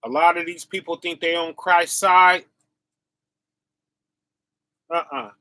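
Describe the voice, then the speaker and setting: Bright-voiced man preaching a loose, slangy sermon. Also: on the high side, steady tone, takes it slowly, no echo. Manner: casual slang, repetitive "right?" and "y'all"; laughs to himself, dips quiet then bursts loud. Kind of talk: informal sermon.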